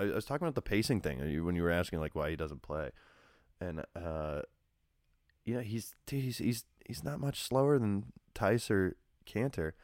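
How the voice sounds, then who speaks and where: A man co-hosting a podcast, chatting casually about basketball in a rambling, animated way, full of fillers and restarts. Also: low-pitched, no echo, clean studio sound. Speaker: podcast co-host. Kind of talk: casual sports chat.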